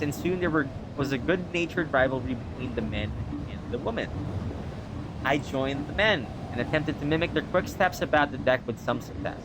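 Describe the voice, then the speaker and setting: A man's voice: a little high, noisy background. A man playing a narrative game, reading its text aloud with stumbles and self-corrections between casual comments. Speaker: gamer.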